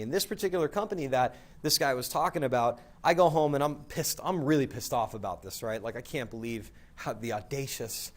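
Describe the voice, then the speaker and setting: Fast-talking man telling a rambling story. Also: mid-range voice. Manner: rambling, peppered with "like" and "right?". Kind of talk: casual anecdotal storytelling.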